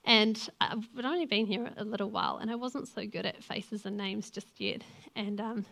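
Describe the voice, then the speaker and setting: A woman's voice: medium pitch, moderate pace, gravelly, a bit bright. A young woman gives a sermon as a lay preacher, speaking in an earnest, conversational way and weaving in personal stories. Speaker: lay preacher and youth leader.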